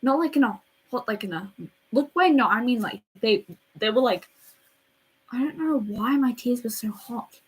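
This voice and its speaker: Breathy, animated young woman telling a story. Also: on the high side, moderate pace, rough recording. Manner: rambling and dramatic, drops to quiet asides. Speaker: vlogger. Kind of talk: casual storytime vlog.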